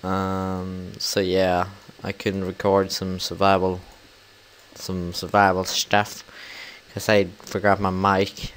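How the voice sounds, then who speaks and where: A young man with a deep, unhurried voice that has a bright, forceful edge, talking through his game as a channel host. His commentary is loose and rambling, full of ums and restarts, with sudden loud yells at the screen. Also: completely flat delivery, a little hiss or hum. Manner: rambling, filler-heavy, bursts into loud yells. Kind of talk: casual let's-play commentary.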